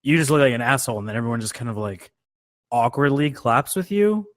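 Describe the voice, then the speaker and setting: A man's voice: medium pitch, very animated, fast, dry recording. Joking young man co-hosting a podcast. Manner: loose and joking, acts out reactions with mock shouts. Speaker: podcast co-host. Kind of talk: casual podcast chat.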